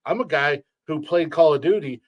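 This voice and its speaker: A man's voice: on the high side, moderate pace, no room sound, highs cut off. A man hosting a casual podcast chat, rambling and swearing freely, with many restarts. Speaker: podcast host. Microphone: remote call setup.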